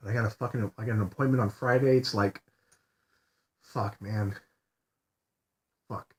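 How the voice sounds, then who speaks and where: A man with a lowish voice records a video diary from his bed, sounding depressed. He talks quietly and haltingly, circling back to the same words and cursing often. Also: steady tone. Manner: quiet, halting, repeats himself and swears often. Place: lying in bed.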